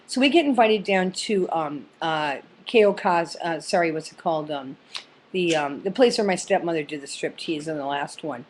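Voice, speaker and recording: A woman's voice: low-pitched, moderate pace, a little hiss or hum. A middle-aged woman telling a funny personal story in a rambling, profane way, full of fillers and restarts.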